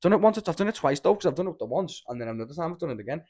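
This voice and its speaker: Young man, Scouse accent, rapid-fire, swears a lot, rambling casual storytelling. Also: fairly high pitch, expressive, a little mellow. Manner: rambling, sweary, keeps saying "lad". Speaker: podcast host.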